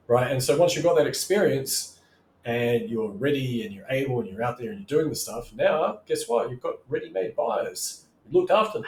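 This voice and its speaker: A man talks through online marketing tips in a relaxed, rambling coaching style, tossing in "right?" again and again. His voice sits at an ordinary middle pitch. The recording carries a noticeable echo off the walls of the room. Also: moderate pace, a little hiss or hum. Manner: loose and chatty, keeps asking "right?", acts out customers' voices. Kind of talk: casual teaching monologue.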